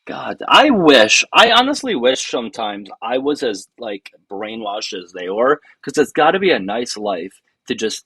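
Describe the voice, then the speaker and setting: A man's voice: mid-range voice, very animated, unhurried, few pauses, bright, forceful tone, husky, no room sound, rough recording. A man hosting a casual political livestream, sarcastic and mocking as he talks to his chat. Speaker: livestream host.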